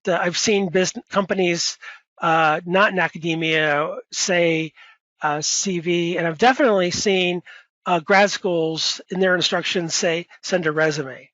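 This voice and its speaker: A high-pitched man gives advice as a professor in a webinar Q&A, talking casually and correcting himself often. The sound is dry, with no room echo, and slightly muffled, as over a video call. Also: a little slow, fairly bright tone. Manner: conversational, with many fillers and self-corrections.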